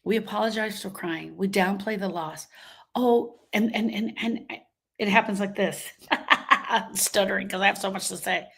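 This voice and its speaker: A woman's voice: medium pitch, normal speed, vocal fry, fairly bright tone, slightly rough. A woman grief coach giving an emphatic, motivational live talk, repeating her phrases and acting out what people say. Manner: emphatic, repeats phrases, acts out quoted voices.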